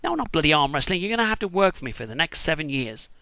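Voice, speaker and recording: Sly bargaining older uncle voiced by a british man, bright voice, dry close sound. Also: on the high side, sing-song, quick pace, vocal fry, no echo, heavily acted. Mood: stern.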